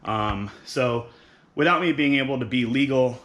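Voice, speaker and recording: A man's voice: mid-range voice, moderate pace. A young man giving a casual, rambling walkthrough of his engine in his home garage, with plenty of ums. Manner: relaxed, rambling with many ums. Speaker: car builder showing his engine.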